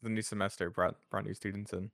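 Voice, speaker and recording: A man co-hosting a casual podcast, halting and rambling, filling with "like". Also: lowish voice, little pitch movement, creaky, a bit bright, dry recording, clean studio sound. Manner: halting, lots of "like", laughs along. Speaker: podcast co-host. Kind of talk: casual chat.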